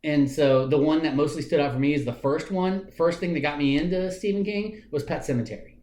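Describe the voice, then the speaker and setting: Slightly high-voiced guy on a podcast, animated and teasing, echoey room. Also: a little fast. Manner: animated, swearing, teasing, laughs often. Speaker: podcast co-host. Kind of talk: casual chat.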